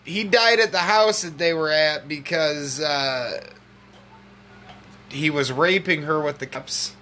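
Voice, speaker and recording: Man, podcast host, casual swearing chat, bright tone, slightly high. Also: slow pace. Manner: animated, swearing, quoting clips.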